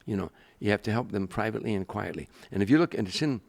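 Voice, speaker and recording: This is an older man with a low, gravelly voice, guesting on an interview show. He tells long stories with plenty of life, slipping into the voices of the people he quotes and then easing back into his own easy, confiding tone. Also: fast. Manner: animated storyteller, acts out quoted voices. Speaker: guest, comedian. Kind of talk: storytelling interview.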